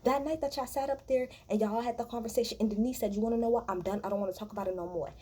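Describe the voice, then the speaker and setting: A woman's voice: fairly high pitch, fairly even intonation, rapid-fire, warm tone, slightly rough. Heated, profane woman ranting. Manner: profane, heated, sarcastic mimicking. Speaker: reality TV recap vlogger. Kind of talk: angry ranting recap.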